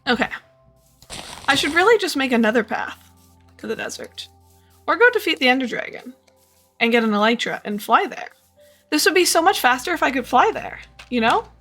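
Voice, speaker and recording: A woman streamer talks her way through a game, murmuring and repeating small phrases in a playful, sleepy way. Her voice sits a little high. Faint music plays behind her. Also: very animated, brisk, a bit bright. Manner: chatty, muttering to herself, playful, repeats phrases. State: yawning, tired. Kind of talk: casual gameplay commentary.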